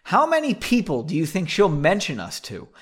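A man's voice: fairly high pitch, huge pitch swings, normal speed, husky, full character voice. Guy reading a snippy suspicious young woman, mocking tone, voice swoops around. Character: wary, sharp-tongued young woman.

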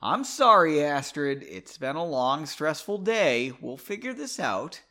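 Impatient young woman, sharp tongue, lifted lively pitch, voiced by a male author reading his book. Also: measured pace, exaggerated voice. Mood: apologetic.

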